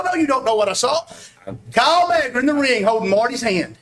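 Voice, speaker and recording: Brief: high-pitched man, aggressive trash-talking wrestler, loud heated rant. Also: expressive, brisk. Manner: aggressive, shouting, taunting.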